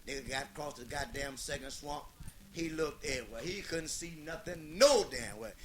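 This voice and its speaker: A man's voice: fairly high pitch, normal speed, crowd noise. A man telling a long comedic story in a rhythmic, repetitive, heavily profane way.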